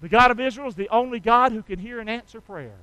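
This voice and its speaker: A man's voice: very high-pitched, fast, pushed and bright, clean tone, no room sound, rough recording. A man preaching a sermon, folksy and full of rhetorical questions to the congregation. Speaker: pastor.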